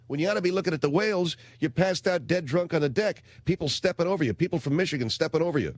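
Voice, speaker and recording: A man's voice: fairly high pitch, animated, quick pace, no echo. A middle-aged man hosting a radio show, telling a rambling, sardonic comic story in a studio. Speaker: radio talk show host. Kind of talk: comedic radio monologue.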